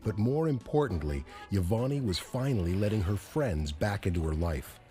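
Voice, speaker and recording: A man narrating a documentary in a measured, expressive storytelling manner. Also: fairly low pitch. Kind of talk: scripted narration. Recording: music bed underneath.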